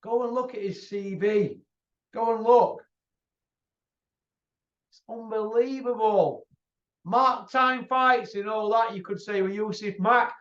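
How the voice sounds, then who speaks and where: A man's voice: high-pitched, fairly even intonation, slow pace, long pauses, fairly bright tone. Ranting man, roomy lo-fi sound. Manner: combative, repetitive taunting. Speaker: channel host. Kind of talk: ranting monologue to camera. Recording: roomy, distant, dull lo-fi sound.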